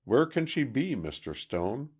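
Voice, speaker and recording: A man reading an audiobook, voicing a forceful, insistent man who takes charge. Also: medium pitch, very animated, measured pace, breathy edge, pitched above the performer's own voice. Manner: insistent, domineering.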